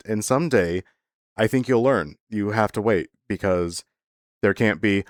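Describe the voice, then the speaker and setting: Male vlogger, casual storytime, rambling and animated, playful teasing, lowish smooth voice. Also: measured pace, no room sound, studio quality. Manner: rambling and animated, with many fillers and sudden pitch jumps; playfully teasing toward listeners.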